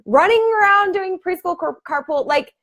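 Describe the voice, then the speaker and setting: A woman in her thirties, a fitness team coach, talking casually on a live video call and laughing often, with sudden animated bursts. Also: very high voice, moderate pace. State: emotional.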